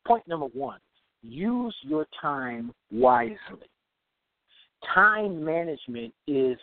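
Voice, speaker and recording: A man hosting a motivational podcast, speaking emphatically and repeating key phrases slowly so listeners can take notes. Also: on the high side, very animated, no echo. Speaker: podcast host and self-improvement speaker. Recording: tinny phone-like recording.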